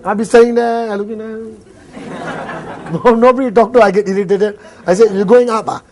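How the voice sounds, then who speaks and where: A high-voiced man with a Malaysian English accent speaks to a live audience as a motivational speaker. He jokes, laughs easily and acts out little dialogues between people. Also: steady tone, normal speed, darkish tone. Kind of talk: seminar talk to a live audience.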